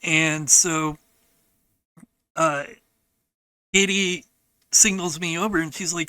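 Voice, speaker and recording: A man telling a personal story on his podcast, in a frank, halting and profane way. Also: a little high, level tone, sharp tone, smooth, no room sound, poor audio.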